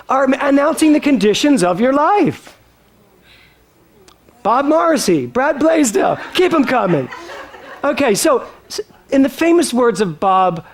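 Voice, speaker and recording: Male speaker, spiritual talk, high voice with big swoops in pitch, teasing and theatrical. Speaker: minister.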